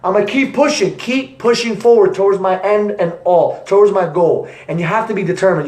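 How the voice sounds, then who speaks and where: A young man, an entrepreneur, giving an energetic motivational talk to camera with repetitive, punchy phrasing. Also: high voice, a little fast, hardly any pauses. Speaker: entrepreneur vlogger. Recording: echoey room.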